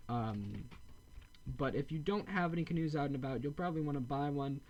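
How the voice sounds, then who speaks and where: A man's voice: fairly high pitch, a little fast, highs cut off, a little hiss or hum. Rambling man narrating a game. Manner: rambling, self-correcting, deadpan dark jokes. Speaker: gameplay video host. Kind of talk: casual gameplay commentary.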